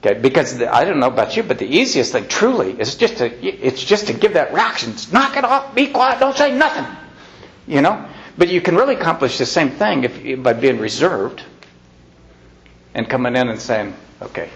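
A man offers folksy, informal parenting advice to an audience, acting out quoted lines with shifting loudness. His medium-pitched voice is sing-song and fairly quick, captured on a dull lo-fi recording.

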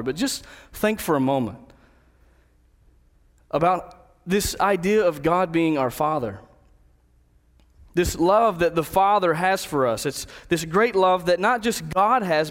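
A man preaching a sermon, telling a personal story and then slowing down to stress key words of a Bible verse. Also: on the high side, in a large hall. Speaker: pastor.

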